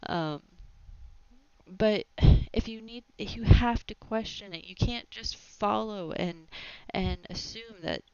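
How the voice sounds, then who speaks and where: A woman hosting a casual opinion podcast, animated and opinionated, often laughing as she talks. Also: mid-range voice, slow pace, smooth. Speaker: podcast host. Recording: dry, slightly dull lo-fi sound.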